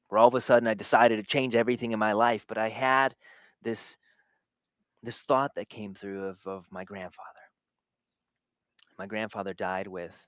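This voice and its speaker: A man's voice: low voice, no echo, clean studio sound. A man hosting a live show, telling a personal story candidly and in vivid detail, with frequent laughter. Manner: candid, self-deprecating, laughs often; recounts sensations in vivid detail. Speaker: host of a live show for dads. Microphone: camera setup in a home recording space.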